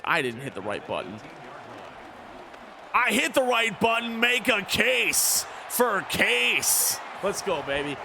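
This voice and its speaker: A man streaming a video game and commentating it like a sports broadcaster, sometimes in a slow announcer voice and sometimes as casual chat, repeating phrases for emphasis. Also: on the high side, bright, forceful tone, a little hiss or hum. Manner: switches between a slow, drawn-out announcer voice and quick casual chat. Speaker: gaming streamer.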